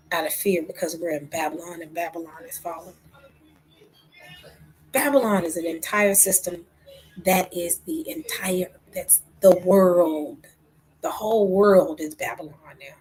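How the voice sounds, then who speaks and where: A woman delivers fervent religious commentary in a husky, breathy voice. She preaches with rhetorical questions and veers between hushed whispers and loud outbursts. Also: fairly low pitch, poor audio. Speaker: online talk host.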